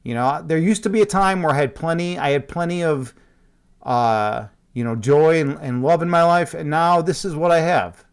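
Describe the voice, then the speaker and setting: A man playing a washed-up Strawberry Shortcake who has fallen on hard times, complaining slowly and mournfully. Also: a little high, clear, resonant tone, lightly acted. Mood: gloomy.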